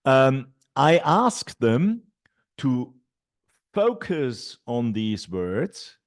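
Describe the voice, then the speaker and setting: Man, middle-aged, teacher trainer, slow delivery, animated pitch, lots of ums. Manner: explains classroom steps slowly, with many fillers and repeated et ceteras. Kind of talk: online teacher training talk.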